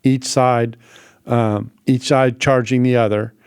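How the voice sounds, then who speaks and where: A man hosting an interview, speaking in a measured, reflective way. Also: mid-range voice, steady tone, darkish tone, clean tone, no room sound, clean studio sound. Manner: measured, reflective, many affirming murmurs. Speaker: host, seminary professor.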